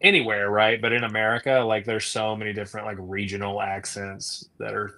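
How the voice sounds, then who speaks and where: A man's voice: on the low side, flat delivery, a little fast, pushed and bright. A man with a slight Southern accent, a writer and voice actor chatting easily as a podcast guest. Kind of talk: casual chat.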